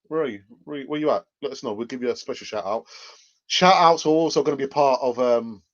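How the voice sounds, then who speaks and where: A man with a medium-pitched, fairly bright voice speaks briskly as host of a live fan channel. The casual stream is full of his jokes, frequent laughter, and viewer comments he reads out, captured on a dull lo-fi mic.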